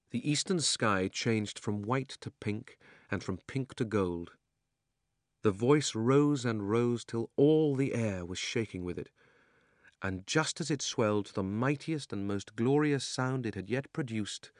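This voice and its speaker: Low-voiced man reading a storybook. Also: dry recording, clean studio sound. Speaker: narrator. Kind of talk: audiobook narration.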